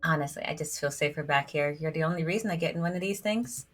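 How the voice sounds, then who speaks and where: With faint music in the background, a woman plays a story game on stream and reads out its dialogue, giggling, chatting and saying "like" constantly. She talks fast in a low voice.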